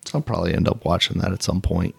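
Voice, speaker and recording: A man's voice: low-pitched, quick pace, vocal fry, husky, no echo, studio quality. A man hosting a podcast in casual chat, laid-back and chuckling often. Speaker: podcast host.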